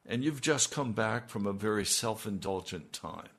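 A man's voice: lowish voice, animated, moderate pace, fairly bright tone. A man preaching a sermon, asking his listeners pointed rhetorical questions and building to emphatic peaks.

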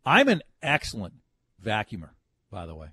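A man's voice: on the low side, huge pitch swings, normal speed, sharp tone, breathy edge. A man hosting a radio talk show, bantering with co-hosts and taking callers. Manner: joking, takes callers.

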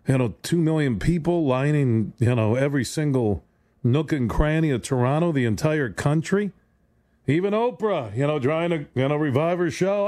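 A man's voice: a little high, lively intonation, normal speed, warm tone, dry recording. A man hosting a sports radio show, talking in a rambling, sarcastic monologue with stumbling restarts, recorded on a studio microphone. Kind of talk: solo sports talk monologue.

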